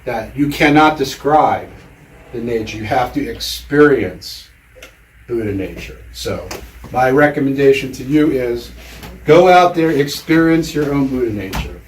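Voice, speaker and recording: A man tells a teaching story at a measured pace, pausing deliberately between thoughts. His mid-range voice echoes around a lecture room, picked up from a distance. A faint hum sits behind him. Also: mid-range voice, lively intonation. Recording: roomy hall, mic far off.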